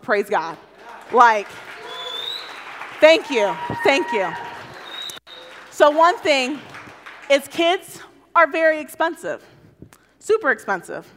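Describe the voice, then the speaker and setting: Woman, young adult, youth sermon, lively storytelling, high-ish voice, long hall reverb. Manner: animated storytelling, acts out voices. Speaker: youth speaker.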